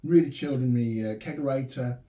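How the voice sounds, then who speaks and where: A man's voice: mid-range voice, brisk, distant mic. Chatty man in an echoey shed bar. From England. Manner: relaxed, chatty, enthusiastic. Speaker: home brewer reviewing beer kits. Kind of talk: casual chat. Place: home pub shed bar. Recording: echoey room, mic some way off.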